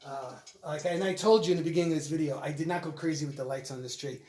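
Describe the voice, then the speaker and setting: Relaxed man telling stories, echoey room. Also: fairly high pitch, fast talker. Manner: relaxed storytelling, repeats openings. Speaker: co-host, decorator. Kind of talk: casual home vlog chat.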